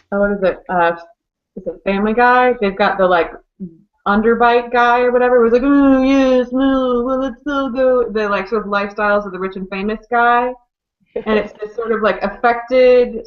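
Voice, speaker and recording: A woman with a mid-pitched voice thinks aloud on a video call. She searches for her words with um and like. The sound is dull and lo-fi. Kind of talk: casual group discussion on a video call.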